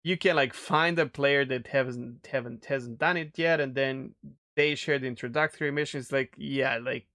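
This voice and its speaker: A man's voice: medium pitch, steady tone, moderate pace, pushed and bright. A man co-hosting a casual gaming podcast, rambling and enthusiastic, laughing often. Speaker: podcast co-host. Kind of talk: casual chat.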